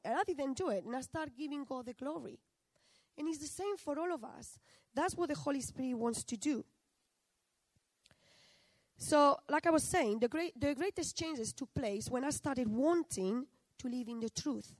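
A middle-aged woman with a fairly high voice gives a sermon, talking with her listeners as if in conversation and asking them questions over and over. The sound is dry and close, with no room echo. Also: lively intonation, moderate pace. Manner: conversational, asks the audience questions often. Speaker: preacher.

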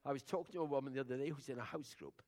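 An older man, preaching in a conversational, storytelling sermon that drops to hushed asides and rises to loud declarations. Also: mid-range voice, racing.

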